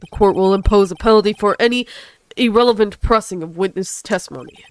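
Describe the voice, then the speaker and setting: A woman voicing a stern elderly male judge who speaks in formal, measured rulings. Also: medium pitch, natural voice.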